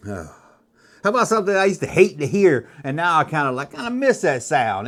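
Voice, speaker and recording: Rambling nostalgic man in his fifties. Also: mid-range voice. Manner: rambling, reminiscing, chatty. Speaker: YouTube host. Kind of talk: casual nostalgic monologue.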